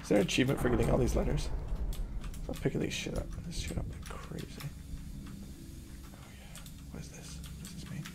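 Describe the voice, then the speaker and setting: A man streaming a horror game, shouting profane jokes at the characters and reacting with loud excitement. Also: on the high side, brisk, gravelly, pauses often, background noise. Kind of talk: live gameplay commentary. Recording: game music underneath. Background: horror game music and sounds.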